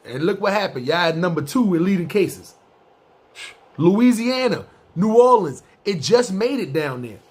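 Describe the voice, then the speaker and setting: Husky-voiced New man ranting. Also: high voice, moderate pace. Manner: animated, preachy, profane slang, addresses listeners directly. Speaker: podcast host. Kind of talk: comedic street-talk rant.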